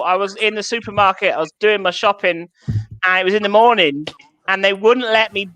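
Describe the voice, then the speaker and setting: A man's voice: sits high, pushed and bright, rough recording. A young English man doing a self-mocking stand-up set online, acting out little voices in his stories. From England. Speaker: stand-up comedian.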